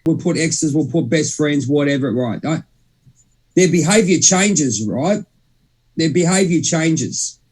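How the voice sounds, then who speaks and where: A man's voice: a little high, lively intonation, a little slow, a little mellow, slightly rough. A young man, co-hosting a casual spiritual chat, rambling and cutting himself off mid-sentence. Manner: rambling, self-interrupting, swears mildly. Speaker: podcast co-host.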